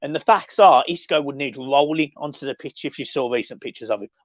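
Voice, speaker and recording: Sweary, excitable man hosting a live chat. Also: medium pitch, fairly quick, no echo. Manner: sweary, banter-heavy, excitable. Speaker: livestream host reading chat. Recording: dull lo-fi dry sound.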